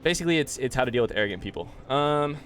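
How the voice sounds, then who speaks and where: A man's voice: medium pitch, lively intonation, racing, fairly bright tone, a little hiss or hum. Male streamer, winded from push-ups, rambly live chat with his viewers. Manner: rambling, thanks chat by name, thinks aloud. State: out of breath.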